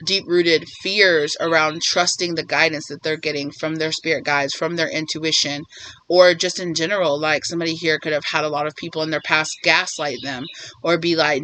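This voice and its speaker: Bright, rambling male tarot reader. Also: a little high, brisk, a little hiss or hum, poor audio. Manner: rambling, animated, acts out quoted voices. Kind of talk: casual spiritual tarot reading.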